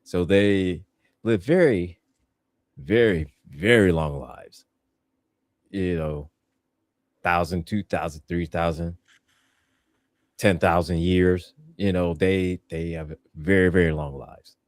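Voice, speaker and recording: A man's voice: low-pitched, takes it slowly, long pauses, no echo, clean studio sound. A man hosting a podcast, reviewing a show in casual, joking chat. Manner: playful, joking, laughs a lot. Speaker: podcast host.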